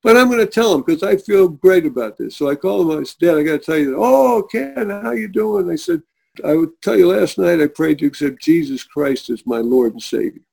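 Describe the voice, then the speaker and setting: Middle-aged guy telling his faith story on a talk show, kinda high voice, husky, earnest, does the voices of people he quotes. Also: animated, brisk, darkish tone. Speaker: guest.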